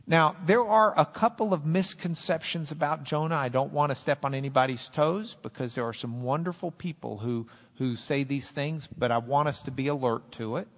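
A man preaching a sermon, animated, quoting scripture in dramatic voices. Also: fairly high pitch, normal speed, hardly any pauses. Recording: long hall reverb.

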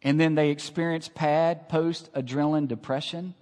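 Passionate preacher man, booming hall. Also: steady tone, moderate pace. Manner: dramatic, swings from hushed to loud, calls the congregation to repeat. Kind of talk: sermon.

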